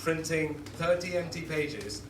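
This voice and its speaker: A man's voice: on the high side, animated, unhurried, noisy background. A man, from India, performing live stand-up comedy in a chatty, cheeky way and laughing at his own jokes, on a venue stage. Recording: echoey live room from a distance, loud crowd. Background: loud audience laughter and cheers.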